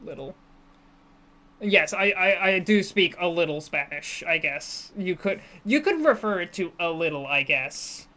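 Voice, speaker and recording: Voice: medium pitch, animated, unhurried, pushed and bright. Rambling casual streamer. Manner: rambling, self-deprecating, many restarts. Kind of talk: casual live-stream chat while gaming.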